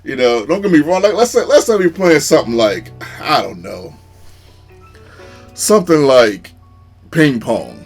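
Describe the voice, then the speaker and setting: A man's voice: a little high, measured pace, long pauses, slightly rough, faint music behind. Laid-back man commenting on his game. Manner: laid-back, laughs often, excited yelps at big plays. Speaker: gaming YouTuber.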